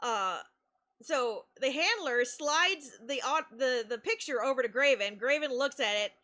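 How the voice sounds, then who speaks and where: A woman streamer telling a story in casual chat, animated and laughing often, with sudden excited shouts. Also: sits high, measured pace.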